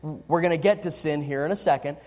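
Man, pastor, high voice, sermon, candid storytelling, lots of restarts. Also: fairly quick, darkish tone.

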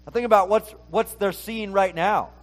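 Guy preaching kind of chatty, a bit high pitched, keeps asking the room questions. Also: moderate pace. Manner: casual, asks many rhetorical questions. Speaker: pastor. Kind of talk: conversational sermon.

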